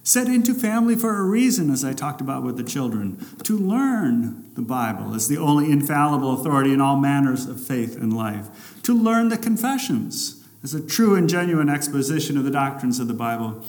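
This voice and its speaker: A male pastor preaching a sermon, swinging between loud, emphatic lines and hushed, drawn-out ones. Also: mid-range voice, big pitch swings. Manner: dramatic shifts between loud and hushed delivery.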